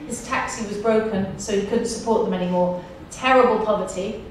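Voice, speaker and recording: A woman's voice: mid-range voice, a little fast, slight background noise. A woman in her forties with an English accent, giving a personal testimony talk as a guest speaker, telling her story with emphatic repetition. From England. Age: 40s. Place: university lecture hall. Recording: echoey hall from far off.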